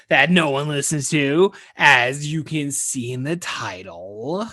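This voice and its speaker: A man's voice: fairly high pitch, a little slow, few pauses, pushed and bright. A man hosting his own podcast in a loose, casual chat, swearing freely and saying "dude" and "like" a lot. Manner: laid-back, swears freely, lots of "dude" and "like". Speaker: podcast host.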